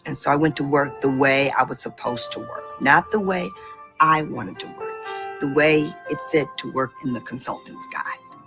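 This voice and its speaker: Low-voiced woman, animated personal testimonial, faint music bed. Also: normal speed. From Boston area. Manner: animated storyteller with excited outbursts. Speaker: beauty consultant telling her story.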